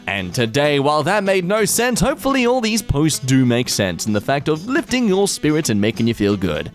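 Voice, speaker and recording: A young man with a lively, bouncing delivery reads wholesome posts aloud and riffs on them with silly jokes. Soft guitar music plays faintly behind him. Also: mid-range voice, moderate pace. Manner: silly, animated, jokey asides. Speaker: host reading wholesome posts. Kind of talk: comedic commentary.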